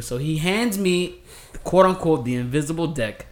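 A man co-hosting a casual podcast, telling stories in an animated, excitable way. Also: on the high side, normal speed. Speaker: podcast co-host. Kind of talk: casual chat.

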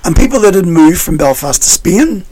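A man's voice: high voice, very animated, dark tone, no echo. A man hosting a casual, bawdy chat, giggling often and telling stories. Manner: giggly, storytelling, quick to laugh. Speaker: podcast host.

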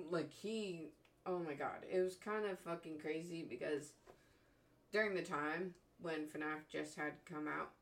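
A young woman co-hosting a casual chat, animated, laughing often and swearing constantly. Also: fairly low pitch. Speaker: podcast co-host.

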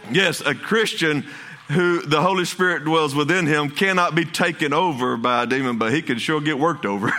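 A man's voice: a little high, moderate pace, sharp tone. A man, preaching a passionate sermon as pastor, with folksy asides and many restarts.

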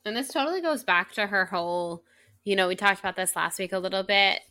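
Woman, podcast co-host, bright voice, dry close sound, chatty book talk. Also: medium pitch, fast talker, dry recording. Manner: chatty, animated, rambling with fillers. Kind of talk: casual book discussion.

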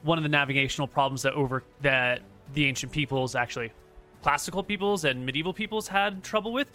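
A man's voice: fairly high pitch, fast, bright, forceful tone, faint music behind. A man running a tabletop game as game master, chatting casually in a musing, rambling, easygoing way.

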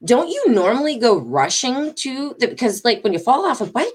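A woman's voice: on the high side, very animated, normal speed, hardly any pauses, husky. A middle-aged woman telling a story casually to her followers, agitated, emphatic and rambling, with swearing. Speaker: vlogger.

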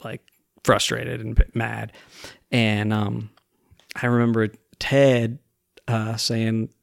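A man talks as a podcast guest with a gravelly, fry-edged voice. His speech rambles through plenty of fillers while he retells conversations in other people's words. The sound is close and dry. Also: lowish voice, little pitch movement, slow pace, long pauses, dry recording. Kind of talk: casual conversation.

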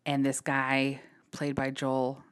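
A woman's voice: rumbling low, monotone, slow, clear, resonant tone. A woman co-hosting a film podcast, chatting casually and recommending movies with enthusiasm. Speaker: podcast co-host. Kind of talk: casual chat about films.

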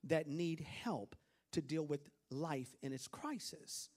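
A man voicing a scornful skeptical governor in a hushed, half-whispered sneer. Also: a little high, takes it slowly, pitched below the performer's own voice.

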